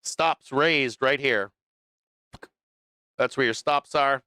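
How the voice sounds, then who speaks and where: A brash man calls live market trades, swearing freely and laughing between calls. His voice is bright and forceful, pitched a little high, with a smooth, crisp tone. The sound is dry and close, with no room around it. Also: slow pace, no room sound. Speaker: stock market livestream host. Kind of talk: profane live trading commentary.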